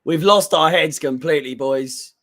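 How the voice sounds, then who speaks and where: A man's voice: a little high, moderate pace, a bit bright. A man hosting a live fan watchalong, giving blunt, emotional commentary on a football match with frequent swearing. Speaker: fan channel host.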